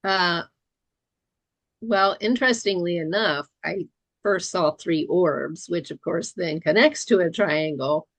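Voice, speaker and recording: Slow, musing woman panelist. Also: fairly low pitch, dry recording. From Florida, USA. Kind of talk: reflective panel talk.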